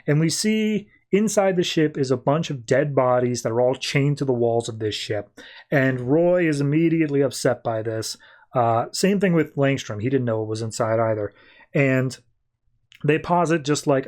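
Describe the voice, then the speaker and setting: A man's voice: mid-range voice, moderate pace, a little mellow. A man hosting a podcast, recapping a comic book in casual, chatty storytelling full of fillers. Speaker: podcast host.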